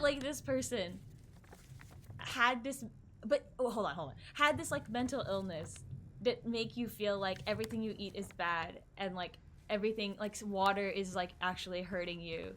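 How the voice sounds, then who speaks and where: A woman's voice: mid-range voice, moderate pace, a bit bright, slight background noise. A young woman streaming a horror game, chatting casually and thinking aloud, easily spooked. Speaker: gaming streamer. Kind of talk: casual live-stream commentary.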